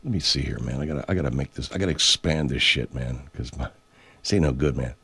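A man's voice: rumbling low, fast talker, fairly bright tone, slightly rough. Profane rambling older man hosting a chat. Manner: rambling, profane, reads names and messages aloud. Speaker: host. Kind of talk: casual live chat show, reading viewer comments. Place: home studio.

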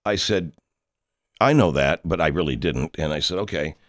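In a comedic character monologue, a man with a bass voice speaks at a moderate pace as a pompous, self-important horror film director. He rambles through an anecdote and refers to himself in the third person.

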